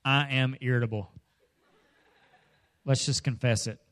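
A middle-aged man delivers a comedic sermon with a light, jokey touch. He acts out little voices and scenes, then suddenly bursts into loud lines before settling back into plain storytelling. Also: mid-range voice, normal speed. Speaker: preacher.

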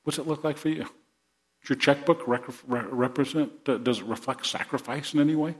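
A man's voice: mid-range voice, steady tone, fairly quick. A male pastor preaching a sermon to his congregation in earnest, repeating words as he builds to rousing emphasis.

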